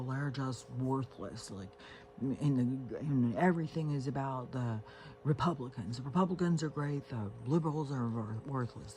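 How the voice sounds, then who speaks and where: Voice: medium pitch, a little mellow, a little hiss or hum. A vlogger talking at home in a casual, meandering monologue, profane and full of fillers and restarts. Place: at home on a couch with pets.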